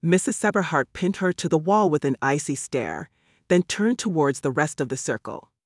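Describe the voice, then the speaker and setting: A man narrating a story in a measured, storytelling manner, lightly voicing the characters. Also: on the high side, animated, dry recording, clean studio sound. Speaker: audiobook narrator. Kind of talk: scripted narration.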